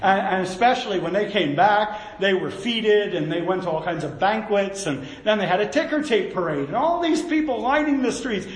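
A man preaching a sermon, folksy and animated, with storytelling asides. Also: high voice, moderate pace, hardly any pauses, reverberant, rough recording.

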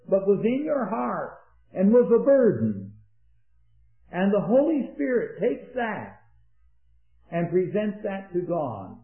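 A man preaching an earnest sermon, rising to emphatic peaks and dropping into quiet anecdotes. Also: high voice. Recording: echoey, tinny old sermon recording.

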